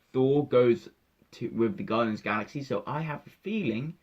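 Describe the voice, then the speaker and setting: A young man, giving an emotional, halting spoiler review of a film that often repeats itself. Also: medium pitch. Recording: dull lo-fi sound.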